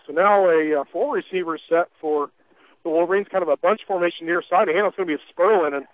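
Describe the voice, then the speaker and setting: A folksy man calls a high school football game for local radio, his voice sitting a touch high for a man. He chats freely between plays, with plenty of fillers and restarts, and the sound is close and dry. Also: fast talker, no echo, poor audio. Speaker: play-by-play announcer. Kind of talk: local radio sports commentary.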